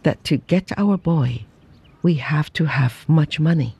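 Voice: mid-range voice, creaky, darkish tone, husky, no room sound, exaggerated voice. A reader voicing a mournful old-world merchant father. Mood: quiet. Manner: slow, sorrowful and plain-spoken. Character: grieving middle-aged Chinese merchant father, quiet and mournful.

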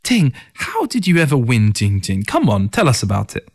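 Man voicing a gentle, wistful young woman. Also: very deep voice, wildly swooping pitch, normal speed, no room sound, studio quality, full character voice.

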